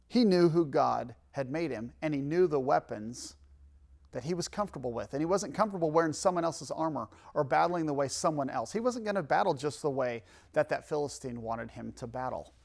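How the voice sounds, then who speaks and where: A man pastor giving a sermon, reading scripture emphatically and adding joking asides. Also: on the high side. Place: church, filmed for a livestream.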